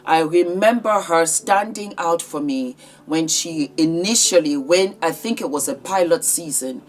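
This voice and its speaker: A woman's voice: on the low side, a little slow. A woman vlogger giving heartfelt, conversational commentary on celebrity news.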